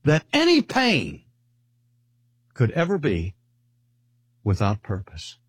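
An older man preaching a sermon, measured and deliberate, slowing down to stress key words. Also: medium pitch, wildly swooping pitch, breathy edge, no room sound. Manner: measured, with slow emphatic pauses. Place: speaking at a cancer hospital.

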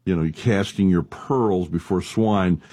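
A man hosting an interview, explaining scripture in a relaxed conversational way. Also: low voice, a little slow. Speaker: host. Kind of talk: casual interview chat.

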